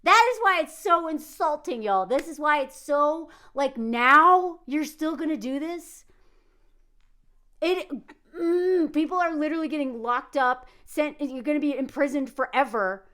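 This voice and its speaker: A woman from the United States giving casual, animated commentary, sarcastic and laughing often. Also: sits high, measured pace. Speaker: commentary vlogger.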